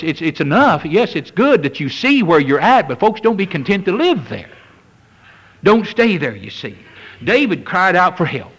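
A man preaching a sermon, folksy and repetitive, often asking "amen?" and building to fervent highs. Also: fairly bright tone. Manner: folksy preaching with frequent "amen" and "you see", rising in fervor.

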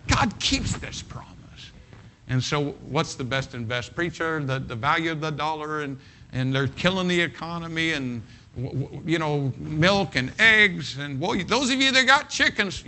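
A man's voice: medium pitch, pushed and bright, a little hiss or hum. A man preaching a sermon as pastor, emphatic and folksy, often repeating his phrases.

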